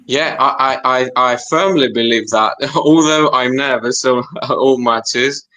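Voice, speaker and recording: A man's voice: mid-range voice, pushed and bright, low-quality recording. A man on a podcast panel who talks in short, hesitant bursts and repeats his words. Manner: hesitant, halting, repeats himself. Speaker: panel guest. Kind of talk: casual podcast chat.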